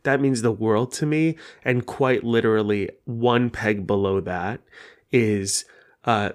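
A man's voice: lowish voice, takes it slowly. A man whose first language is Persian hosts his own podcast in frank, casual solo talk. He rambles with lots of fillers and swears freely. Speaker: podcast host.

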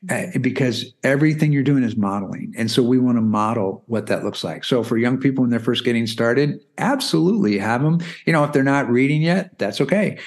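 A math curriculum founder in his forties, interviewed on a podcast, explains in a relaxed, chatty way with frequent "you know" and "right?". His voice sits at medium pitch with a slightly mellow tone.

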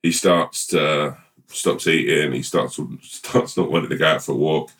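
A man co-hosting a podcast, chatting casually and telling a rambling, playful made-up story with halting restarts. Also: rumbling low, steady tone, fairly bright tone, far from the mic. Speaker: podcast co-host. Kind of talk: casual chat and improvised storytelling.

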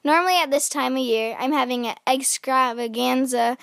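A woman voicing a fussy male Easter bunny reading his letter slowly and primly. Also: sits high, vocal fry, a bit bright, dry recording, clean studio sound.

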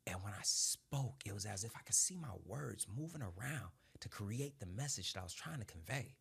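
Animated young man telling his story. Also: fairly quick, creaky, husky. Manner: animated, swears freely, laughs through his stories; drops low and quiet at reflective moments. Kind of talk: casual storytelling.

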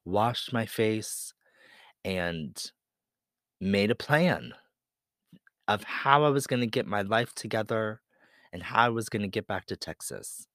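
Slow, earnest man telling his story. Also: on the low side, a bit bright, no room sound, studio quality. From Pennsylvania. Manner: earnest, confessional, candid. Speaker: podcast host. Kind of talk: personal storytelling monologue.

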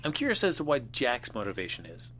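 A man's voice: medium pitch, wildly swooping pitch, fairly quick, bright, forceful tone, a little hiss or hum. A man co-hosting a casual chat about a soap opera, thoughtful and a bit hesitant. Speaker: soap opera podcast co-host.

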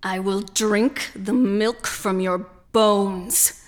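A woman's voice: medium pitch, big pitch swings, takes it slowly. A woman voicing a cruel, gloating half-vulture demon that cackles and howls its threats. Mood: menacing.

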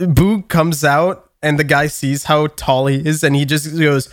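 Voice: medium pitch, normal speed, no room sound, clean studio sound. A young adult podcast co-host telling anecdotes in casual banter and acting out what others said. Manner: animated storyteller who acts out quotes.

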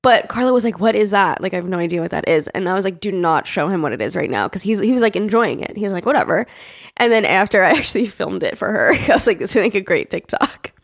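Lively storytelling woman, dry close sound. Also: quick pace, no echo. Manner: animated storytelling, acts out quotes in a high voice. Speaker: podcast co-host. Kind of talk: casual chat.

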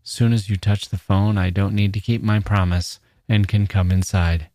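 A man doing a soft-spoken, coaxing menacing young man. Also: fairly low pitch, steady tone, normal speed, no echo, clean studio sound, lightly acted.

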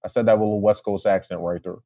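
A man co-hosting a podcast in a relaxed, joking, easygoing way. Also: on the low side, very fast, no room sound, studio quality. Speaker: podcast co-host. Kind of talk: casual chat.

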